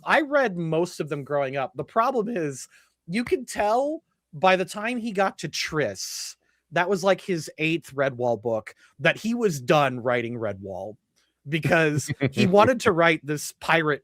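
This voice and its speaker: A man with a fairly high voice chats casually on a livestream. He rambles, restarts and fills his sentences with "like." His voice is close and dry, with no room sound. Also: fairly bright tone, no room sound. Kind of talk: casual chat.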